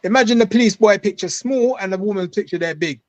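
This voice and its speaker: A man's voice: high-pitched, fast, highs cut off, a crowd in the background. A man in casual chat who swears freely and talks in a streetwise way.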